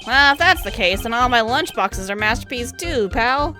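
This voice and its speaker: A blustering, bumbling detective played by a woman who bellows his lines with eager force. His voice sits high and bright and bounces around. Faint music plays behind. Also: animated, moderate pace. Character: loud, bumbling middle-aged male detective.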